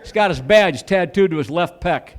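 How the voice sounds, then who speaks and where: Man, stand-up comic, high voice, animated, club stage, handheld mic. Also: normal speed. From Chicago. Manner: animated, acts out cops with loud siren sounds and accents. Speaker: stand-up comedian. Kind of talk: stand-up comedy set.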